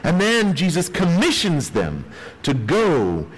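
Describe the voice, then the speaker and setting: A man, a pastor, preaching a sermon with emphatic delivery, dropping his voice low on key words. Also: huge pitch swings, slow, breathy edge, long reverb tail, rough recording.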